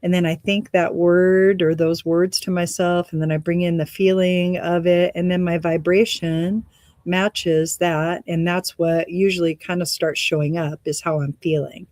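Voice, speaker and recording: A woman's voice: lowish voice, little pitch movement, unhurried, a little mellow, dry recording, studio quality. A woman hosting a spiritual meditation talk, meandering and reflective with frequent laughs, slightly out of breath. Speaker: meditation and energy reading host.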